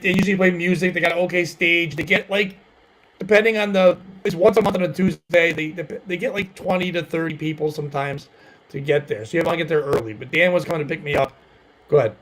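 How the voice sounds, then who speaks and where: A man's voice: on the high side, a little hiss or hum, low-quality recording. A man hosting a comedy podcast, telling a rambling self-deprecating story full of fillers. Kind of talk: casual storytelling chat.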